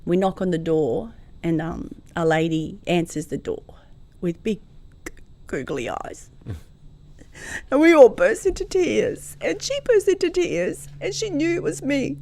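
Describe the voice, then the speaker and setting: A woman, a guest telling a personal story in an interview, lively, moving from hushed to loud. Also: mid-range voice, unhurried, creaky. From Croatia.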